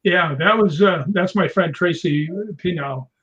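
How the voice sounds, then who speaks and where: A man's voice: high voice, measured pace, a bit bright. A man in a casual interview, telling rambling stories with many restarts. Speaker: guest, stuntman. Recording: dull lo-fi sound.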